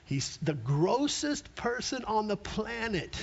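A man preaching a sermon with emphatic delivery and dramatic pauses, sometimes dropping to a near whisper. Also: high-pitched, animated, darkish tone, highs cut off, a little hiss or hum.

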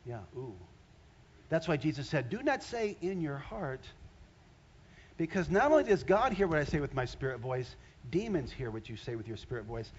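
A man preaching a sermon as a pastor, animated, swinging between loud exclamations and hushed asides. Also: medium pitch, a little fast, slightly rough, highs cut off.

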